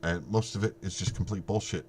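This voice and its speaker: A man's voice: deep voice, fairly even intonation, brisk, darkish tone, a little hiss or hum. A middle-aged man hosting a live stream in casual chat, swearing freely and laughing often.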